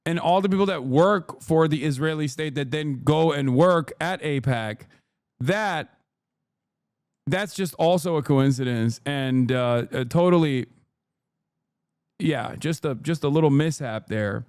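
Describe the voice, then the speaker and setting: A man's voice: fairly high pitch, unhurried, a little mellow, clean tone, dry recording. Heated, swearing male streamer, dry sound. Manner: heated, sarcastic, swears often. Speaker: streamer reacting to a clip. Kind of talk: casual live-stream commentary.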